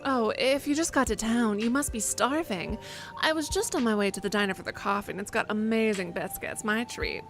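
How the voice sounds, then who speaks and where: A woman's voice: on the high side, fairly quick, faint music behind, close to an everyday voice. A woman voicing a friendly young local woman in a game, speaking in an easygoing, teasing way.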